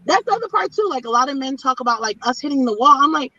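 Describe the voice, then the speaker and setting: A woman's voice: sits high, sing-song, fast talker, bright, forceful tone, no echo. A middle-aged woman in a candid casual chat, speaking bluntly and emphatically and repeating her points. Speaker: panelist in a women's chat. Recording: distant, dull lo-fi audio.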